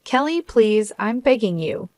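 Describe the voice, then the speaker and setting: A woman's voice: a little high, sing-song, a little slow, darkish tone, dry recording. A woman narrator voicing a desperate ex-husband who pleads to be taken back. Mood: pleading.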